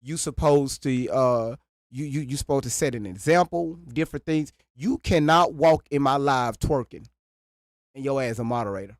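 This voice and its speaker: A man hosting a live reaction stream, chatting casually, stammering and repeating words, and swinging from low mutters to loud exclamations. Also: moderate pace, no room sound, studio quality.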